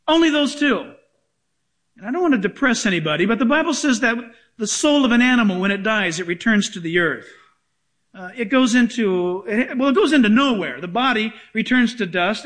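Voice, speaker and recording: A man's voice: sits high, a bit bright. A male pastor preaching a sermon to a congregation, emphatic and joking with the room.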